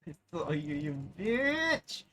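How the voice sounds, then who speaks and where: Lively swearing woman streamer. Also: on the low side, slow pace, a little hiss or hum, rough recording. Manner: swearing, exclaiming, self-mocking. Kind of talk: live gameplay commentary.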